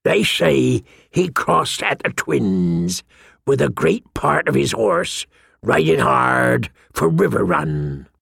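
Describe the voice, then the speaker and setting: A man's voice: mid-range voice, sing-song, slow, gravelly, a bit bright, slightly rough, no room sound, studio quality, heavily acted. A man voicing a deferential knight giving a formal, grave report. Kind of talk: audiobook character voice.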